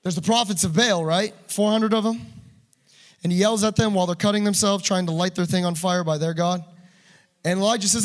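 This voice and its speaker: A man preaching a passionate sermon, swinging between loud urging and quiet asides. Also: high voice, fairly even intonation, brisk.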